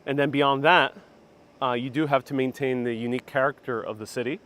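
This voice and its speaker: A man's voice: medium pitch, steady tone, a little fast, fairly bright tone. A man whose first language is Spanish hosts a live walking tour outdoors and reads viewer comments aloud in a casual, self-correcting way. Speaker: travel vlog host. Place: outdoors in old town streets. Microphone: phone on gimbal with clip-on mic.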